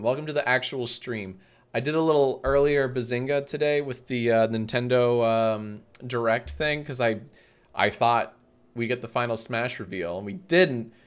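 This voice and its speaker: A man's voice: mid-range voice, fairly bright tone. A man hosting a casual livestream, talking in a sarcastic, joking way with plenty of swearing into a desk mic. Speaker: livestream host.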